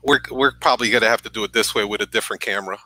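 A man's voice: fairly low pitch, rapid-fire, sharp tone, low-quality recording. A man from New York, a podcast guest on a video call, earnestly telling a personal story and often checking in with "right?".

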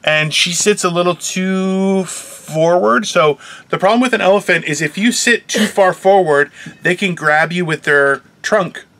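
Man, casual co-host, lively storyteller, bright tone, swears and laughs. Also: high voice, measured pace. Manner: animated storyteller, acts out quoted voices, swears, laughs. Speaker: podcast co-host. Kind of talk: casual chat.

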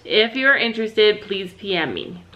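A woman's voice: mid-range voice, expressive, moderate pace, background noise. A woman chatting casually in a family vlog, talking to viewers and her pet bird. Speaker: family vlogger. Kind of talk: casual vlog chat to camera.

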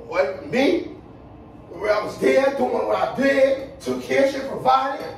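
Gravelly man sulking in an echoey room. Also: very high voice, unhurried, slight background noise. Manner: sulky, mumbling. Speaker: vlogger boyfriend. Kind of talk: casual couple prank video. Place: home living room, on a couch. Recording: roomy echo, distant mic.

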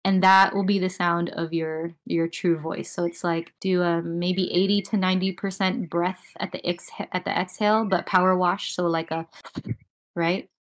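Calm woman guiding a breathing lesson. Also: on the low side, normal speed. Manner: casual, calm guiding talk with many filler likes. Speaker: breathwork and voice teacher. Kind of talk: guided breathing lesson on a group call. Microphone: video call with noise cancelling.

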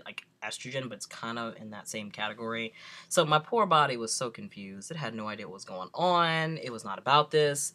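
A young man with a bright, clear-edged voice retells a story for his vlog. He tells it in an animated, exasperated way and acts out both sides of a conversation. His talk is loose and full of fillers and laughs. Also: medium pitch. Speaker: vlogger.

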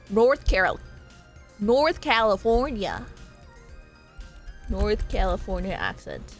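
A woman's voice: mid-range voice, big pitch swings, unhurried, pauses often, faint music behind. A young woman streaming a game, chatting casually with viewers, laughing often and swearing freely. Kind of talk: casual live-stream chat.

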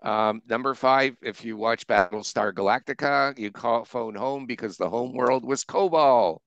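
A man's voice: medium pitch, unhurried, gravelly, a bit bright, dry recording, highs cut off. An older man running through the answers of his trivia round in a casual, wry and punning way. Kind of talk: casual quiz answer run-through with puns.

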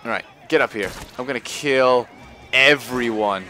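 A man giving live gameplay commentary on a stream, often frustrated and cursing with loud outbursts. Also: mid-range voice, unhurried, a little hiss or hum. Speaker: gaming livestreamer.

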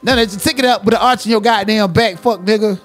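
A man's voice: sits high, quick pace, fairly bright tone, faint music behind. A man hosting a livestream, cursing and trash-talking someone in a confrontational rant. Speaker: livestream commentator.

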